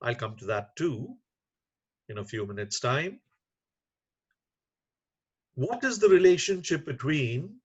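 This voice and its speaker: Slow-spoken man giving a webinar lecture. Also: fairly high pitch, a bit bright, husky. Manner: measured, unhurried, with frequent uh fillers. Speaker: webinar lecturer on teaching reading. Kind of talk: online lecture. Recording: muffled lo-fi webinar audio.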